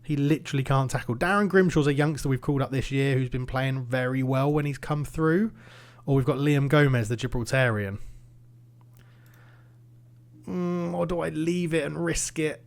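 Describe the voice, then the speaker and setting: A man commentating his own football management game, swinging between nervous muttering and excited shouting. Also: medium pitch, a little fast, vocal fry, hardly any pauses. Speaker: gaming YouTuber.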